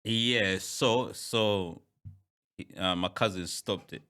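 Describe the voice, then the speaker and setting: A man's voice: on the low side, takes it slowly, pushed and bright. A man hosting a podcast in a casual interview chat, who often repeats words and laughs easily. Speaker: podcast host.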